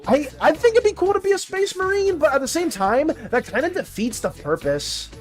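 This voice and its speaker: A streamer talks casually to chat while working on art, reading messages aloud and trailing off into fillers and restarts. The pitch jumps around a lot, animated and bouncy. Quiet music plays faintly behind the voice. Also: brisk. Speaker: streamer and artist. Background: faint background music.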